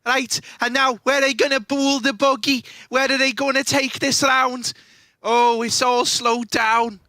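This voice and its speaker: A male esports caster with a high, very bright and sharp voice. He calls the action theatrically, with big exclamations and jokes traded with his partner. The sound is dry and close. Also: flat delivery, measured pace, no room sound. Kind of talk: excitable color commentary.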